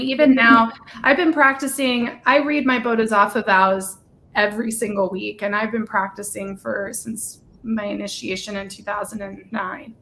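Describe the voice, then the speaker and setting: A woman hosting a casual live-stream chat, bubbly and gushing, running off on quick tangents. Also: fairly high pitch, bright, forceful tone, slight background noise.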